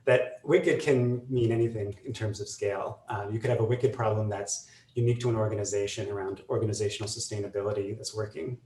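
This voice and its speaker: A man on a university panel speaks slowly and carefully, pausing on "um" between his thoughts. His voice is low. He sounds set back from the mic in an echoey room. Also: fairly even intonation, darkish tone, distant mic, slight background noise. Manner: measured, with many "um"s. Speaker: faculty member. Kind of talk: panel discussion.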